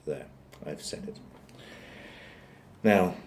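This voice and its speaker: Man, deep voice, mellow tone, rambling joke teller, dry asides. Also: expressive, extremely slow, slight background noise. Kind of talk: rambling comic storytelling.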